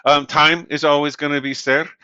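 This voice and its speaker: A man teaching a university Spanish class in a relaxed, conversational way, often checking in with "right?". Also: fairly high pitch, moderate pace, clean tone, no room sound. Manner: relaxed and conversational, many fillers and "right?" tag questions. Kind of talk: recorded lecture. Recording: dull, dry lo-fi audio.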